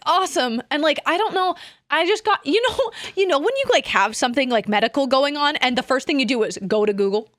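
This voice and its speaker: A young adult woman streaming, chatting casually in a rambling, animated way that trails off into asides. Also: high-pitched, fast talker, dry recording, clean studio sound. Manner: rambling, animated, self-interrupting with laughs. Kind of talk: casual chat.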